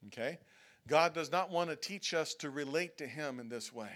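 Male pastor, slightly high voice, chatty sermon in church, keeps asking "okay?". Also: moderate pace, fairly bright tone. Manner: conversational preaching, frequent "okay?" checks, acted-out prayers and whining. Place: church sanctuary.

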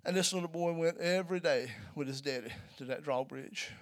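A man preaching a sermon in a church, telling a story and building to loud, emphatic peaks. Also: on the high side, fairly quick.

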